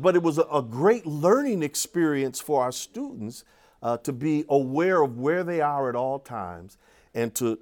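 An older man who teaches urban ministry, telling a story to an audience in an animated way and often restarting and repeating his words. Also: medium pitch.

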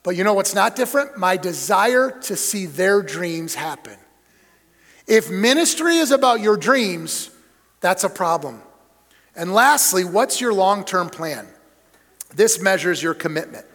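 A man's voice: sits high, sing-song, unhurried, a bit bright. A middle-aged man, a church superintendent, preaching a leadership talk with emphatic, punchy delivery. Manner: emphatic preacher, punchy lists, acted-out anecdotes. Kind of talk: sermon-style leadership talk. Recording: long hall reverb.

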